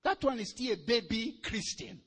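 A man with a high voice preaches a sermon. He moves between slow, deliberate scripture reading and bursts of loud, animated exhortation. His delivery rises and falls sharply in volume. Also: husky. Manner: animated, swings from quiet to loud and laughing.

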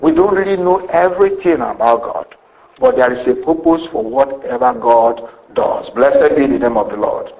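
A man's voice: medium pitch, huge pitch swings, moderate pace, creaky, a little mellow, echoey room, highs cut off. A man preaching a sermon with emphasis, rhetorical questions and a repeated refrain.

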